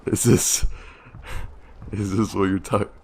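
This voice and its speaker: Young man, game streamer, laid-back, slow unhurried delivery, laughs a lot. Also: fairly low pitch, a little mellow, slightly rough. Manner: laid-back, laughs often, hesitant restarts. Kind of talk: casual gameplay commentary.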